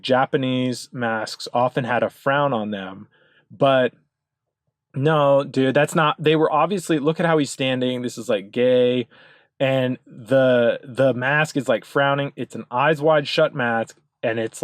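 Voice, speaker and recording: A man's voice: mid-range voice, no room sound, studio quality. A man ranting through a commentary video, insistent and profane, with a rambling delivery full of fillers. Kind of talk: ranting commentary over card images.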